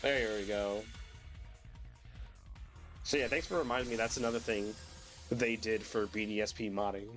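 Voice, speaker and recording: A man's voice: lowish voice, fairly even intonation, normal speed, long pauses, a bit bright, faint music behind. A young man streaming a video game while sick, rambling casually with lots of fillers and the odd swear, his voice cracking at times. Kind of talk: casual gameplay commentary.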